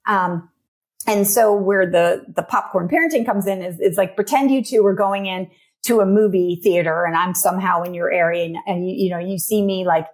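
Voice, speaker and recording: A woman parenting coach talking as a podcast guest, chatty and animated, often acting out little voices in her stories. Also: medium pitch, moderate pace. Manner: animated storyteller, acts out voices in anecdotes; chatty with frequent "like" and "you know". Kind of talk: casual podcast conversation.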